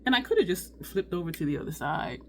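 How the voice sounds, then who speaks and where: Chatty woman vlogger, sweating, low-pitched. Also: animated, fast talker, a little mellow, a little hiss or hum. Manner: chatty, addresses viewers as y'all. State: sweating, overheated. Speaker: beauty vlogger. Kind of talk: casual makeup tutorial chat.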